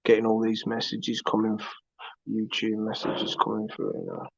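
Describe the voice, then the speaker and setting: A man's voice: on the low side, completely flat delivery, normal speed, creaky, dry recording. A man hosting a live stream, chatting casually and rambling as he greets viewers by name. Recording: dull lo-fi stream audio.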